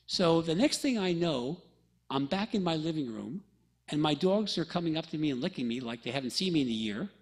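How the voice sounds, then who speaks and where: Middle-aged male lecturer, slightly high husky voice, chatty storyteller who keeps asking "okay?". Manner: jokey, chatty, addresses the audience with "okay?". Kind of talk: storytelling talk to an audience.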